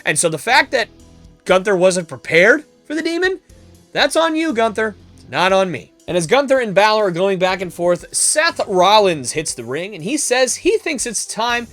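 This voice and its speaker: A man hosting a podcast, narrating a made-up wrestling storyline with animated, emphatic delivery. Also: high voice, normal speed, soft background music. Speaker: podcast host.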